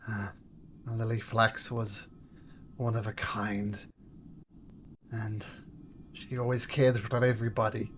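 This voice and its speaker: Soft slow kindly older guy comforting someone, a little hiss behind, guy doing him. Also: on the low side, flat delivery. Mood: consoling. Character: gentle older male companion, consoling.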